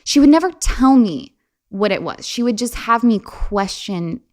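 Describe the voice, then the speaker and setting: A woman's voice: on the high side, a little slow. Chatty young woman telling stories. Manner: animated and chatty, many fillers, laughs while telling stories. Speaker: podcast guest. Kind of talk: casual storytelling interview.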